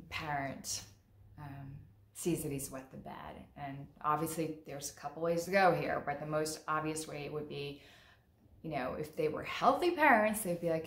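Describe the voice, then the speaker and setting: A woman's voice: deep voice, echoey room. A woman mental health therapist explaining in a conversational way, acting out parents and children in quoted lines. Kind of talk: explaining with acted examples.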